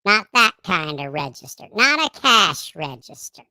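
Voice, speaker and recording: A squeaky high cute voice. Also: male voice, very animated, measured pace, sharp tone, no echo, exaggerated voice. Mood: chatty.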